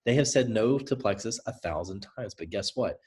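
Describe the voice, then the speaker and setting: Energetic man with a Southern drawl. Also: on the low side, moderate pace. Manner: energetic, conversational, coaching; direct, repeats points for emphasis. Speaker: presenter. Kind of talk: motivational training talk.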